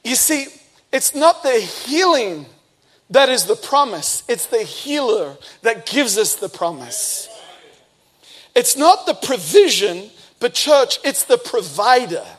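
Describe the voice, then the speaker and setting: Energetic man preaching a story-filled sermon. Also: very high voice, takes it slowly. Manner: energetic storytelling, bursts of speed and emphasis. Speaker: pastor.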